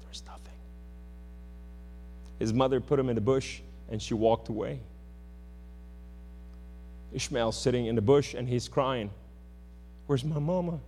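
A man preaching a sermon in church, impassioned, swinging between loud outbursts and hushed words. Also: medium pitch, fairly even intonation, a little slow, pauses often, soft background music. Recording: hum in a reverberant hall.

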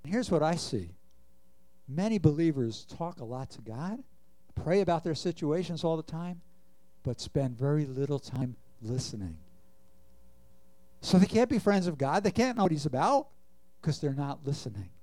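A man's voice: a little high, dark tone, no echo. Earnest preaching man, dry close sound. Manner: earnest preaching, asks the congregation questions. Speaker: pastor. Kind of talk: sermon.

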